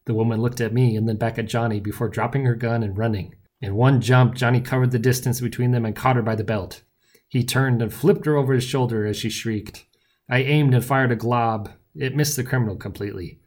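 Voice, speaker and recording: A man reads a first-person story aloud at a middling pitch. His telling is wry and lively, with a dry edge to the asides. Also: brisk. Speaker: audiobook narrator. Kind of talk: first-person audiobook narration.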